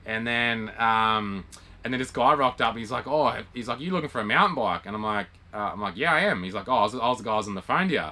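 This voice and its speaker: Young australian man, bright forceful voice, casual storytelling, acts out quotes. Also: medium pitch, fast talker. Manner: animated retelling with quoted dialogue and laughs. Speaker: vlog co-host.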